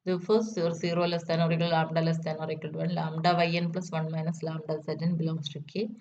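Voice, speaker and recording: Woman, math lecturer, lowish pitch, methodical, repeats steps, muffled lo-fi sound, faint hiss. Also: flat delivery, fast, a little mellow. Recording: dull lo-fi recording with faint noise.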